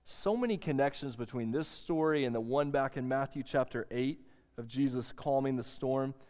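A man preaching a Sunday sermon, earnest, moving between soft, slowed emphasis and rising urgency. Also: mid-range voice, big-room sound. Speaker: pastor.

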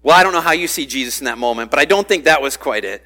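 A man's voice: mid-range voice, lively intonation, rapid-fire, sharp tone. A man preaching a sermon in a conversational way, acting out the voices he quotes. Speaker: pastor.

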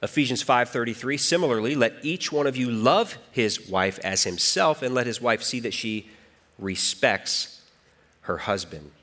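A man delivering a church sermon as the pastor. He tells stories with animated delivery, his voice rising for emphasis and dropping low and quiet for reflection. His pitch sits in a typical middle range for a man.

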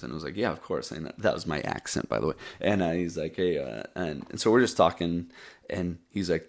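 A man's voice: sits low, animated, brisk, vocal fry. A man hosting his own show, telling a rambling, laid-back story in casual chat and breaking down a poem he wrote. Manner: rambling, laid-back storyteller who calls listeners buddy and dude. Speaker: podcast host. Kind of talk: casual storytelling and poetry reading.

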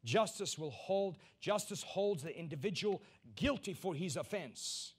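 A man's voice: sits high, lively intonation, unhurried, husky. Emphatic pastor, a man preaching. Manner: emphatic, repeats key lines, builds to loud peaks. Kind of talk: sermon.

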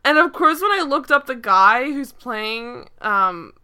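Her voice sits on the high side, bright, forceful and clean, with expressive delivery at a measured pace. As a podcast co-host chatting casually about a TV episode, she wanders from point to point, says "like" constantly and keeps restarting.

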